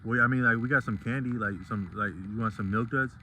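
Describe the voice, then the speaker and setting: A man's voice: medium pitch, pushed and bright, slight background noise, natural voice. A man voicing a hardware store clerk who hesitates and hunts for words. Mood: unsure. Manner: halting, searching for words.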